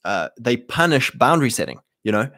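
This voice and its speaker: A man talking straight to his listeners, punchy and animated, slipping into quick voices for the people he quotes. His voice sits at an ordinary male pitch and sounds close and dry, with no room echo. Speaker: host. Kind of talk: casual monologue to listeners.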